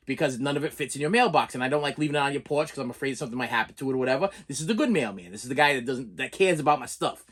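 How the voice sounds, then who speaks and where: A man's voice: medium pitch, expressive, very fast, hardly any pauses, a bit bright, husky. A middle-aged man who collects movies, telling a long story in a casual, rambling way and often stammering and repeating words.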